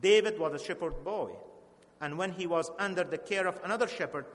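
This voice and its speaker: Earnest high-voiced preacher in a hall. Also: male voice. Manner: earnest, slow and emphatic, with halting restarts. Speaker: pastor. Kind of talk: sermon. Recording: long hall reverb.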